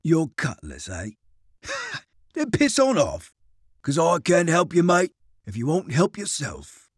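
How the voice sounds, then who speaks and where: A man's voice: a little high, wildly swooping pitch, slow, slightly rough, dry recording, studio quality, full character voice. A man doing a brash quartermaster. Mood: wheedling. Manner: brash, wheedling, swearing. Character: grinning, pushy English quartermaster, coarse haggler.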